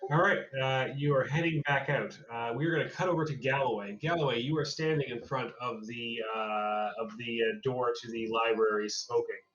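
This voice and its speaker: A man running a tabletop horror game as game master, narrating in a halting, hesitant way with many pauses. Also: mid-range voice, fairly even intonation, fairly bright tone. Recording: distant, dull lo-fi mic.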